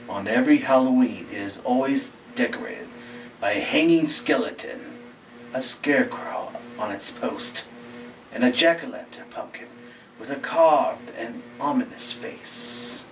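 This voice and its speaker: A man reads a Halloween horror tale at an unhurried, deliberate crawl, his voice sinking into breathy near-whispers at the tense moments. He sounds set back from the microphone, with a faint hiss underneath. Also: medium pitch. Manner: slow and halting, dropping to hushed near-whispers. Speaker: storyteller. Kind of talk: reading a scary short story aloud. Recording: distant mic with faint background hiss.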